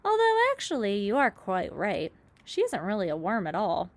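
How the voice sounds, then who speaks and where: A woman voicing a loud, boastful male centipede who shouts at the others in a storybook reading. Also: mid-range voice, huge pitch swings, moderate pace. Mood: lecturing.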